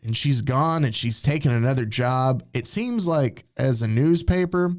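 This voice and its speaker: A man's voice: medium pitch, expressive, normal speed. A man hosting a casual comedy podcast, reading romance comic lines aloud in playful put-on voices and laughing along. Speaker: podcast host.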